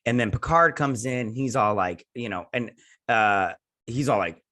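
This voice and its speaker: Reviewing a TV episode, this host talks at an unhurried pace in a medium-pitched voice that sounds bright and forceful. The recap wanders, full of fillers and false starts, with the occasional silly voice when he quotes a line.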